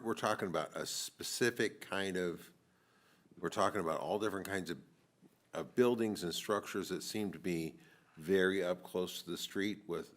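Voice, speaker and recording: A council member, a man, raising concerns at a meeting in a halting way with many restarts. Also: low-pitched. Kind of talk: questioning at a meeting.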